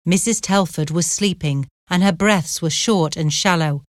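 A woman narrating a storybook in a measured, plain way. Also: fairly low pitch, no echo, clean studio sound.

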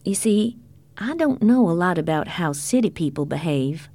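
A woman's voice: lowish voice, animated, moderate pace, warm tone, no room sound. A woman voicing a frank, trusting young country woman with an earnest, questioning manner.

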